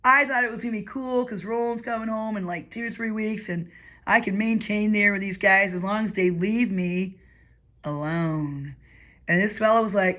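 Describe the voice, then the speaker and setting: A woman talking to her camera at home as she winds down for the night. Her monologue wanders from one story to the next, chatty and loose. She laughs often and sometimes drops to a quiet murmur. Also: mid-range voice, fairly quick. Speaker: vlogger. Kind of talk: rambling casual monologue.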